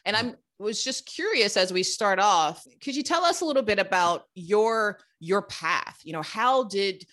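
A playful, bubbly podcast co-host from the United States, joking and laughing easily while welcoming a guest. The voice sits at a middle pitch. The talk comes over a video call. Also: lively intonation, unhurried, fairly bright tone. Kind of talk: casual interview chat.

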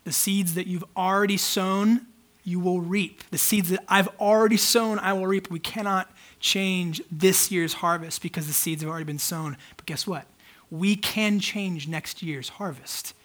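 Pastor, male, high voice, preaches in a loose, candid, conversational way. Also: steady tone, a little slow, fairly bright tone. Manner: conversational, candid, many fillers. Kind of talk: casual sermon.

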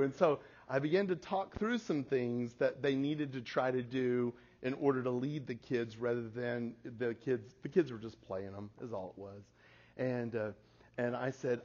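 A man in his forties giving a talk to an audience, telling a family story in an animated way and laughing at his own stories. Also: mid-range voice, a little slow. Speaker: speaker. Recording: slightly muffled lo-fi recording.

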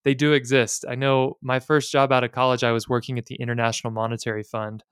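Smooth, dry-voiced man hosting a podcast. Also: medium pitch, little pitch movement, fast, fairly bright tone, no room sound. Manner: candid, chatty, plainspoken with casual asides. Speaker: podcast host. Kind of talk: casual finance podcast talk.

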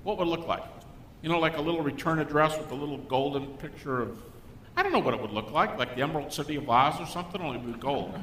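An older man, a guest speaker, giving a Christian apologetics talk to a live audience and acting out the people in his stories. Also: fast talker. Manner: animated storyteller who acts out quoted people. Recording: echoey hall with faint rumble.

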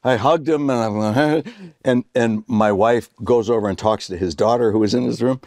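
A man in his sixties telling a story in casual chat, animated, acting out the voices he quotes. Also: mid-range voice, moderate pace, no room sound, studio quality. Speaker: guest actor.

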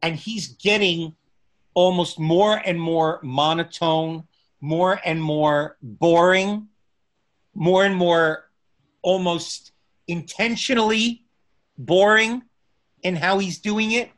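A middle-aged man telling a story in casual conversation, unhurried, pausing often and restarting his phrases. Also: high voice, fairly bright tone. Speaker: guest recounting stand-up comedy memories.

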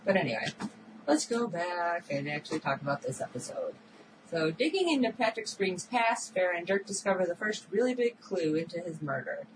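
Woman chatting about a tv episode, lowish voice, lots of likes, noisy recording. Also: a little fast. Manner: chatty, animated storytelling with filler words. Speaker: podcast co-host. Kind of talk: casual chat recapping a TV episode.

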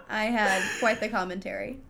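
A woman co-hosting a podcast, chiming in with quick, playful remarks in casual chat. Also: on the high side, huge pitch swings, gravelly, sharp tone. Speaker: podcast co-host.

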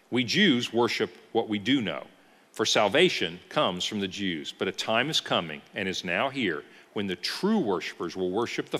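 A man, an executive pastor, teaching a church Bible class with animated storytelling and rhetorical questions. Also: lowish voice. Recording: long hall reverb.

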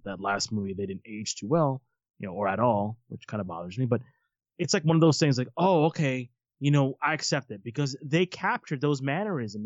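A man in his forties chatting casually and telling lively stories, often laughing at them. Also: mid-range voice, dry recording. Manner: animated storyteller, laughs at his own stories. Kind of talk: casual chat. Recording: slightly muffled lo-fi sound.

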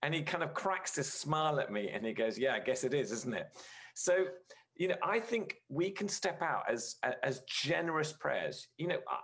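A man's voice: fairly high pitch, sing-song, moderate pace, a bit bright. A man giving a conversational sermon as a guest speaker, earnest and storytelling, with frequent filler words.

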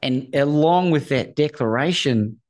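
At a slightly slow pace and medium pitch, a middle-aged courage coach from Australia recounts a story with gusto on a podcast where he's the guest. He dramatizes the voices of the people he quotes and often asks "right?"

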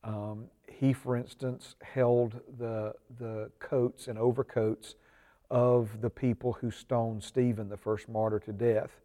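A man leading a church Bible study, his voice dark and mellow, pitched in an ordinary middle range. He teaches earnestly, peppering his talk with ums and uhs, and swells with emphasis when he reads scripture aloud. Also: level tone, slow pace. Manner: prays aloud. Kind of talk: church discipleship class teaching.

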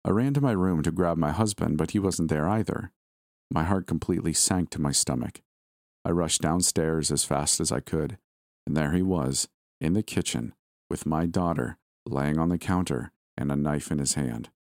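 A man narrating a first-person story in a steady, measured reading. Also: rumbling low, no echo, clean studio sound.

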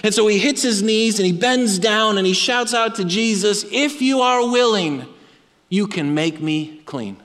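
Man preaching, high voice, dramatic storytelling, drops to a low hush for emphasis. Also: moderate pace, hardly any pauses, in a large hall. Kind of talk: sermon.

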